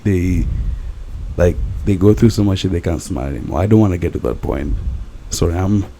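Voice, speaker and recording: Brief: drunk young co-host, low gravelly dark voice, earnest rambling chat. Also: male voice, brisk, a little hiss or hum. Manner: rambling, earnest, repeats himself. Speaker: podcast co-host. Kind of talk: casual late-night chat.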